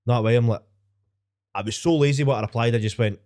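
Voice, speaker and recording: A man's voice: medium pitch, fast, darkish tone. A man with a Scottish accent hosting a podcast in a studio, telling rambling, self-mocking stories with plenty of swearing. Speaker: podcast host. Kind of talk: casual podcast banter.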